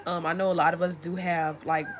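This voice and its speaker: A young adult woman giving a casual, encouraging motivational talk to camera, addressing the listener warmly and conversationally. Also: on the low side, level tone, brisk, crowd noise. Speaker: spiritual content creator.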